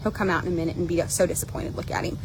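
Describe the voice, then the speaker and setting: A woman's voice: fairly low pitch, steady tone, racing, darkish tone, slight background noise. A woman hosting a casual vlog, chatting animatedly and swearing freely while filming horses outdoors on a handheld phone. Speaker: horse trader and channel host. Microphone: handheld phone camera.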